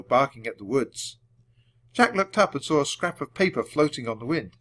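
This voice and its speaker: A man reading a children's book aloud at a clear, measured storytelling pace. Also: mid-range voice, animated, fairly bright tone. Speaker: audiobook reader.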